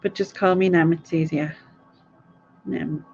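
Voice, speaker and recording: A woman's voice: lowish voice, steady tone, a little slow, creaky, a little mellow, faint music behind. Lady hosting a quiz stream, rambly and giggly, kinda dull lo-fi sound. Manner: chatty, rambling, laughs a lot. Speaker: quiz host. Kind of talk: casual live stream chat.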